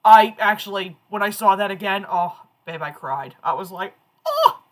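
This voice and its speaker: A woman in her thirties hosting a casual stream, telling stories in an animated, chatty way. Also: mid-range voice, normal speed. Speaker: streamer host.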